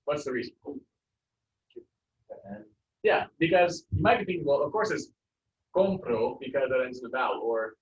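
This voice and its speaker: A man teaching a Spanish class, relaxed and jokey, with many fillers. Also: mid-range voice, fairly quick. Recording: roomy, distant, muffled classroom sound.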